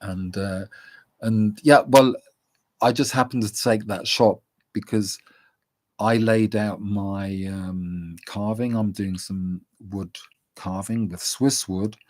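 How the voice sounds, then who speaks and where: Slow, rambling low-voiced man. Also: fairly even intonation, darkish tone, no echo. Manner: rambling, chuckles often, many fillers. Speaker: vlogger. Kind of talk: casual storytelling.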